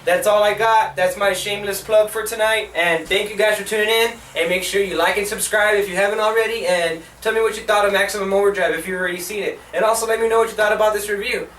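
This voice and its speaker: With a high, slightly bright voice and fairly even intonation, a young man races through his movie review with hardly any pauses, a little hiss or hum audible. He hosts his own show, ranting casually, profanely, and rambling, overusing "like" and bursting out in exasperation. A distant mic adds roomy echo.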